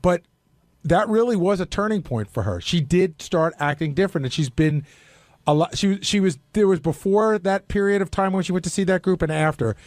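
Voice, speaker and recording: A man's voice: high voice, lively intonation, fairly quick, a little mellow, dry recording. A man, a regular on a radio show, chatting with wry jokes. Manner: wry, jokey interjections. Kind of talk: casual studio chat. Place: radio studio.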